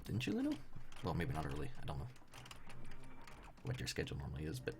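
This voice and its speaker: A tired young man with a rumbling low voice streams a game, chatting wryly with viewers in casual commentary as he plays. He talks fast with huge pitch swings, over background noise and faint game music.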